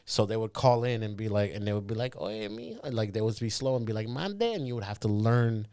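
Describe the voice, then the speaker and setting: A comedian guest on a podcast, loose and vulgar, acting out other people's voices in casual chat. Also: male voice, fairly low pitch, fast, clear, resonant tone, dry recording. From Miami area, Dominican parents. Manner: loose, vulgar, animated storyteller who acts out voices.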